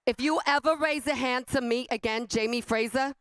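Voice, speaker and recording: A woman voicing a furious wife threatening her husband, with a put-on New York accent, fierce and rising to a shout. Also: sits high, normal speed, voice pushed up, lightly acted. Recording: loud crowd and noise at a convention panel.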